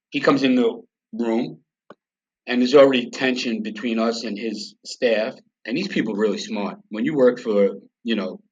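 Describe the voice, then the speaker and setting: A man, a podcast guest telling his story in a blunt, profane, emphatic way. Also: fairly low pitch. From New York. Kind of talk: storytelling in a conversational interview. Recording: slightly dull lo-fi sound.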